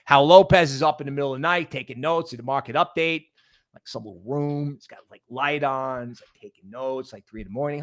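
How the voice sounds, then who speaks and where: A man's voice: mid-range voice, fairly quick, dry recording, clean studio sound. A man hosting a casual livestream, rambling and greeting chat members by name. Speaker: livestream host.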